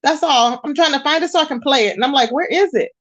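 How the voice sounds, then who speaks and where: A woman's voice: high-pitched, fast, fairly bright tone, highs cut off. A woman hosting a casual livestream, greeting viewers and chatting while she searches her screen. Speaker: livestream host.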